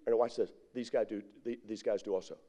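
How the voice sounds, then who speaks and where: A man's voice: lowish voice, fairly even intonation, fast, warm tone. A middle-aged man preaching a sermon as pastor, drawing his congregation in with call-and-response questions.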